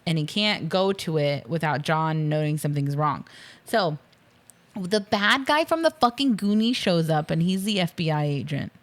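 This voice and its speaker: A woman co-hosting a film podcast, casually recapping the plot with frequent laughter and quick impressions of the characters. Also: sits low, lively intonation. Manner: chatty, laughs often, quotes characters in silly voices. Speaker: podcast co-host. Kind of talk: casual movie recap chat.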